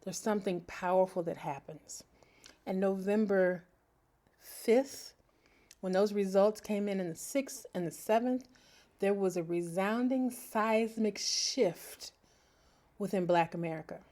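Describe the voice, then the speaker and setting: A woman's voice: mid-range voice, measured pace. A middle-aged woman hosting her own podcast, talking reflectively and expressively. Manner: expressive, animated, breaks into laughter and sings snatches. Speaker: podcast host. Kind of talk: reflective solo podcast talk.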